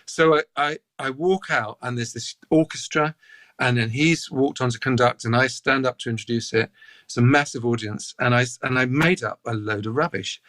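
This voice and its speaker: English man telling animated stories. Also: mid-range voice, normal speed, dry recording. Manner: animated anecdotes, breaks into laughter. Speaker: guest cellist. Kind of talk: storytelling in a podcast interview.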